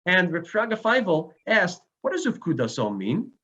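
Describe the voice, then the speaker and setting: A man's voice: high voice, huge pitch swings, moderate pace, bright, forceful tone. A man giving an emotional Sabbath sermon as a rabbi, telling stories with rising emphasis. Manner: emotional storytelling with rising emphasis and Hebrew phrases. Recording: dull lo-fi recording.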